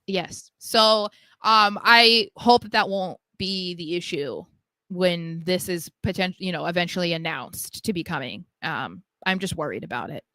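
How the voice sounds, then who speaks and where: A woman's voice: lowish voice, unhurried, bright, forceful tone, no room sound. A young woman co-hosting a wrestling podcast, talking casually and filling her sentences with "like". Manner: chatty, lots of "like" fillers. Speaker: podcast co-host. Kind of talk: casual chat.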